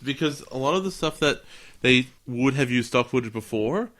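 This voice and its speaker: A man's voice: mid-range voice, normal speed. A man co-hosting a podcast, chatting casually and acting out scenes in silly voices. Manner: animated, acts out lines in silly put-on voices. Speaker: podcast co-host. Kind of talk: casual chat recapping a cartoon.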